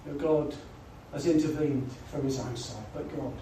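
A man's voice: mid-range voice, steady tone, moderate pace, mellow. A man preaching a gospel sermon, earnest and pleading, often saying "you know". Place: church or gospel hall. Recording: echoey hall, voice from far off, faint noise.

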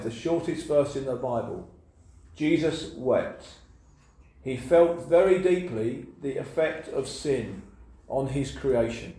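A man's voice: fairly high pitch, mellow. Earnest male preacher in echoey hall. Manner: earnest, repeats phrases for emphasis. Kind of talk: sermon. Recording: very echoey room.

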